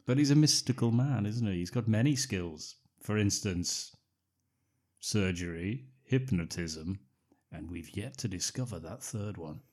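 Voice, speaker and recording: Male co-host, lower voice, deadpan sarcasm, casual mocking review chat. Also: measured pace. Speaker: podcast co-host.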